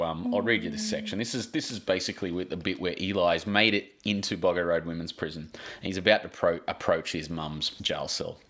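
A man's voice: low voice, a bit bright. An Australian man, a guest author, chatting enthusiastically in an interview, rambling with plenty of fillers. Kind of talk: conversational interview chat.

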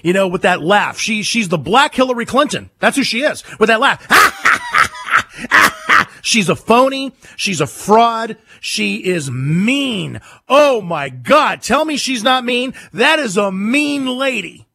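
A man's voice: high voice, sing-song, a little slow, vocal fry, hardly any pauses, sharp tone, no echo, studio quality. A man hosting a political talk radio show, emphatic and mocking, who repeats his points and hammers them home.

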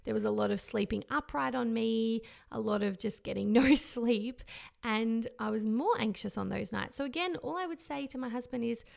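A woman in her thirties, a mother, talking candidly and reflectively in a casual personal monologue, with fillers and soft laughs along the way. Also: on the high side, normal speed, gravelly. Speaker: mother sharing her postpartum experience.

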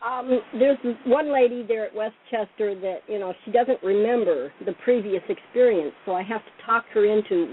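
A woman who gives massages, calmly recounting stories from her work in an interview. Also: medium pitch, moderate pace, hardly any pauses, slightly rough. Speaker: massage therapist guest. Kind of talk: casual interview storytelling. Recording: tinny phone line with faint noise.

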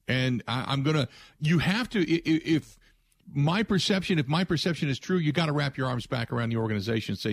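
A man's voice: a little high, expressive, fairly quick. Blunt, emphatic male sports radio host. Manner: emphatic, blunt, with frequent restarts. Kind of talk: opinionated sports talk radio monologue.

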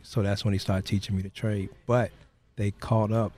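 A man speaks as an interview guest, walking through a personal story in a low, mellow voice. He talks in a halting way, leaning on "you know" between phrases. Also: flat delivery.

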